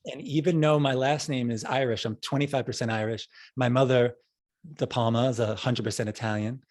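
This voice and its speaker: A man's voice: mid-range voice, fairly even intonation, a little fast, darkish tone. Middle-aged man with a New York accent, a loose, chatty interview guest who keeps circling back. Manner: rambling storyteller, frequent restarts. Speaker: podcast guest. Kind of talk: casual interview.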